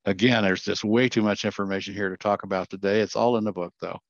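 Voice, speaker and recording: A man's voice: on the low side, fairly even intonation, fast, gravelly, no echo. Older man giving an earnest slide talk. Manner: earnest, self-correcting storyteller. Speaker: guest speaker. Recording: dull, dry lo-fi sound.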